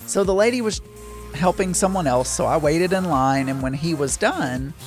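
A man's voice: a little high, lively intonation, moderate pace, soft background music. A man telling a casual story, rambling with many restarts and exasperated asides.

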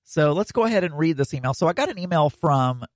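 A man's voice: fairly high pitch, lively intonation, quick pace, dry recording. Rambling man hosting a solo podcast. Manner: rambling, many fillers and restarts. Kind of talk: casual solo podcast monologue.

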